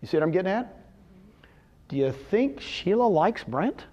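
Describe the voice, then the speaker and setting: A man speaking live to a room of real estate agents, animated and quizzing his audience with questions, often acting out what others told him. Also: high voice, normal speed, muffled recording. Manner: retells conversations in quoted voices. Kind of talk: live seminar talk.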